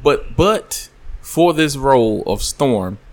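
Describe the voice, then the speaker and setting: A man's voice: medium pitch, expressive, takes it slowly. A man hosting a casual group podcast chat, giving firm opinions and often trailing off and restarting. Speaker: podcast host.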